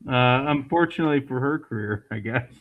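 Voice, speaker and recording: A man's voice: mid-range voice, normal speed. A married man co-hosting a casual movie chat, laid-back and joking. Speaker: podcast co-host. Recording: dull lo-fi sound.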